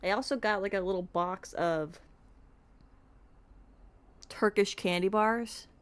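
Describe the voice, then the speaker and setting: A woman's voice: mid-range voice, slow pace, smooth. A woman streaming a game at home on a desk microphone, chatting casually and joking about herself. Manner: chatty, self-deprecating, talks to her cat. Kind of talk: casual let's-play chat.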